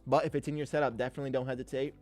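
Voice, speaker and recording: A man hosting a live trading stream, giving casual, energetic commentary full of slang, occasional swearing and shout-outs to viewers. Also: mid-range voice, racing, faint music behind. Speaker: livestream host and day trader.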